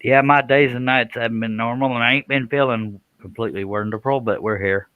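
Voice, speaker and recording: A man's voice: medium pitch, steady tone, brisk, no echo, phone-quality sound. A middle-aged man hosting a live stream, chatting casually, joking about himself and greeting viewers by name.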